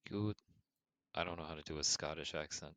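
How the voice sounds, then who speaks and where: A man's voice: rumbling low, brisk, a bit bright, no room sound. A man co-hosting a podcast in casual chat, answering with dry, skeptical teasing. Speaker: podcast co-host.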